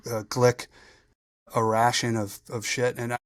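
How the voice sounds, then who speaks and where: A man co-hosting a sports podcast, chatting casually and telling brisk anecdotes. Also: medium pitch, flat delivery, dry recording, clean studio sound. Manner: brisk anecdotal storyteller, quick to quote films. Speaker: podcast co-host.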